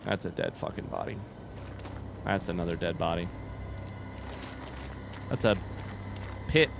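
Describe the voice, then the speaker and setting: A man streaming a horror game with casual commentary, animated and wry, swearing and joking as he plays. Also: sits low, measured pace, creaky, background noise. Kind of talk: casual let's-play commentary.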